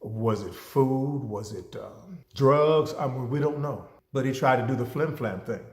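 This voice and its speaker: A man giving a storytelling lecture, animated and asking rhetorical questions. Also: mid-range voice, unhurried. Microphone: camera. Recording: roomy echo.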